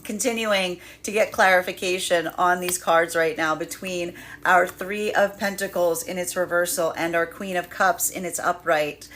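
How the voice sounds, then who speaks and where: A woman's voice: on the low side, fairly even intonation, normal speed, hardly any pauses, fairly bright tone, slight background noise. A woman giving a tarot reading in a rambling way, repeating words and laughing often. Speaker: tarot reader. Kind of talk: live tarot reading monologue.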